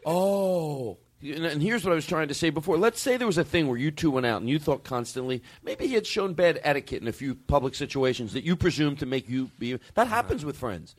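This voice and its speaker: A man hosting a comedy podcast, talking in an excitable, rambling way with frequent laughter. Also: on the high side, fairly quick, hardly any pauses, no echo. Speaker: podcast host.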